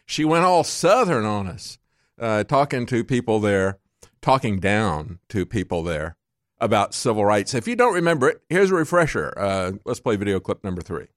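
A man's voice: fairly low pitch, no room sound. A man hosting a political talk show, delivering a mocking commentary monologue with sarcastic asides.

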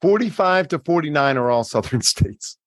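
A man with a fairly high voice who hosts a podcast, dragging out quiz answers with teasing pauses. The sound is dry and close, with no room echo. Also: lively intonation, a bit bright. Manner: teasing, game-show style reveals. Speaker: podcast host running a quiz. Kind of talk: casual banter.

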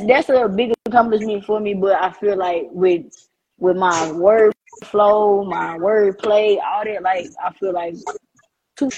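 A woman's voice: fairly low pitch, darkish tone, highs cut off, slight background noise. A woman rapper chatting casually, confident and slangy. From Alexandria, US East Coast. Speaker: rapper guest. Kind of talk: casual chat.

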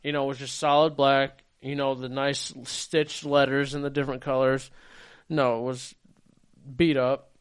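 A man's voice: mid-range voice, flat delivery, moderate pace, clear, resonant tone. A man co-hosting a podcast, telling a story in casual chat, acting out quotes and swearing freely. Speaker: podcast co-host.

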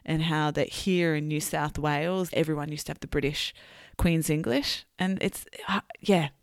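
Woman podcast host, deep, smooth voice, frank and chatty. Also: normal speed, dry recording, studio quality. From Australia. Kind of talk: podcast conversation.

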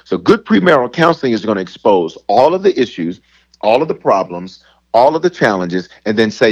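A man, a bishop and pastor, talking about love in a lively, preacherly way with playful asides. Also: on the low side, a little fast, poor audio. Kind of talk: preaching in casual conversation.

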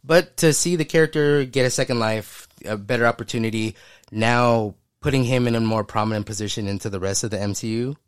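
A man's voice: mid-range voice, fairly quick, clean tone, dry recording, clean studio sound. A man co-hosting a casual pop-culture podcast, talking enthusiastically, rambling and often laughing. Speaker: podcast co-host. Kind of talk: casual chat.

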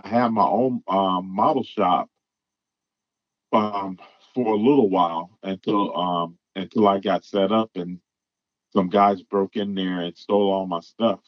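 A man telling a long story in a casual, halting way, full of ums and restarts. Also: sits low, fairly even intonation, no room sound. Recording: dull lo-fi recording.

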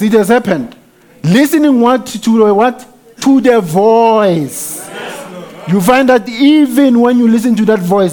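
High-voiced man preaching a sermon. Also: darkish tone. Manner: emphatic, frequent hallelujahs and amens, rising to exclamations.

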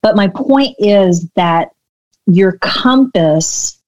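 A woman business coach telling a story in a podcast interview, animated and acting out the dialogue. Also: mid-range voice, drawn-out words, dry recording, muffled recording.

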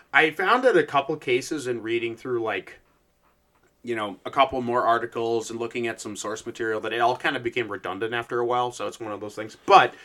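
Male podcast host, animated, bright tone, laughs and swears; casual banter. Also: medium pitch. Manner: lively, swearing, laughs often. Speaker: podcast co-host presenting the topic. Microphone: podcast microphone.

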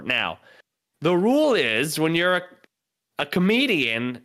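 A man's voice: a little high, big pitch swings, slow pace, a bit bright. A young man from North Carolina, a comedian co-hosting a podcast, telling a rambling, profane story with lots of filler words. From North Carolina, USA. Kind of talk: casual storytelling.

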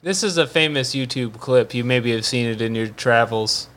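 A podcast co-host chiming in with quick jokes and one-liners in casual comedic chat. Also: mid-range voice, a bit bright. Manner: quips and jokey one-liners.

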